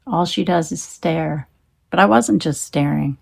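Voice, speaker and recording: A woman's voice: sits low, a little slow, creaky, breathy edge. A woman talking into her phone in a rambling, emphatic monologue, swearing when she gets heated. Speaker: tarot reader.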